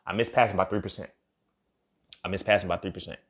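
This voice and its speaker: A young man, host of his own show, telling a painful personal story in casual, profane speech that swings from loud to hushed. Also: deep voice, steady tone, fast. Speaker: podcast host.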